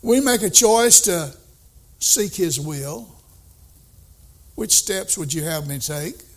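An older man preaching a sermon, emphatic, swinging between soft asides and excited outbursts. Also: high voice, slow.

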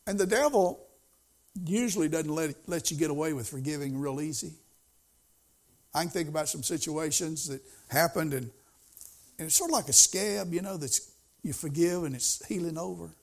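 A man's voice: on the high side, fairly quick. A middle-aged man preaching a sermon as pastor, in a folksy, conversational way that rises to emphasis.

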